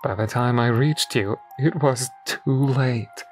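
A man's voice: medium pitch, takes it slowly, darkish tone, soft background music, lightly acted. A man voicing a remorseful, grieving man who pleads desperately, his voice breaking. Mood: desperate pleading.

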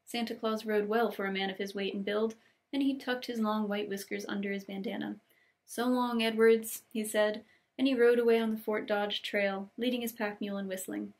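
A young woman reading classic novel passages aloud in an unhurried, gentle storybook way, with casual chatty asides between scenes. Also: mid-range voice, fairly even intonation. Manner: gentle, unhurried reading, lingering on cozy details. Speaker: book channel host reading aloud.

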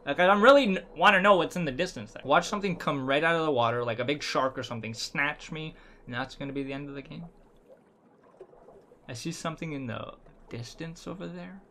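A man commentating a horror game as he plays, jumpy and swearing, shouting when scared. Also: a little high, brisk, a little hiss or hum. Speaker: gaming video creator.

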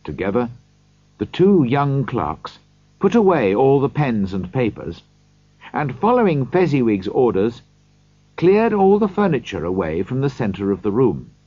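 A man reading a storybook aloud slowly for learners, in scripted narration. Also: mid-range voice, big pitch swings, no echo, highs cut off. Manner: slow, clear reading for learners.

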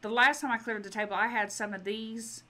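A woman's voice: on the high side, steady tone, a little fast, bright, forceful tone. A woman giving casual let's-play commentary, chatty and exasperated as she pleads with the characters in her game. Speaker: gaming video creator.

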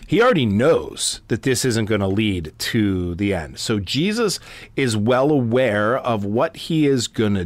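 A man's voice: mid-range voice, dry recording. A man, a pastor, teaching a Bible study in an earnest, conversational way, with many fillers and repeated words.

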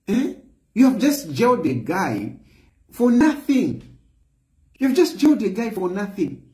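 A man's voice: high-pitched, dark tone, reverberant, low-quality recording. A man giving impassioned political commentary, firing off repeated rhetorical questions. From Zambia. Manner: heated, repetitive rhetorical questions.

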